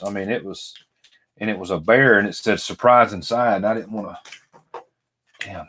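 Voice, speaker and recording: A middle-aged vlogger with a lowish, fairly bright voice and a breathy edge unboxes toys. He chats casually and rambles, addressing viewers by name.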